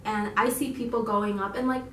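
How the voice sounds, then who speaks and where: A woman's voice: medium pitch, brisk, slight background noise. Giggly young woman telling a story in a roomy space. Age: young adult. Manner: animated, giggly, quotes herself in excited voices. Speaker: YouTube channel co-host. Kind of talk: casual storytelling to viewers. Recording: roomy echo, voice from a distance.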